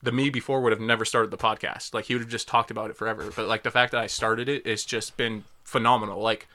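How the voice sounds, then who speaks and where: Young guy hosting a podcast, bright voice, loose and sweary, laughs a lot. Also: fairly low pitch, flat delivery, fast. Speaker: podcast host. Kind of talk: casual podcast chat.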